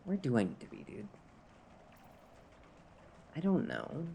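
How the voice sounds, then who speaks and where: A man's voice: on the high side, huge pitch swings, a little slow, creaky, warm tone, husky. A man with a Canadian accent, a little drunk, talking to himself in casual gameplay livestream chatter, rambling and chuckling at his own jokes. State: tipsy from drinking. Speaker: streamer.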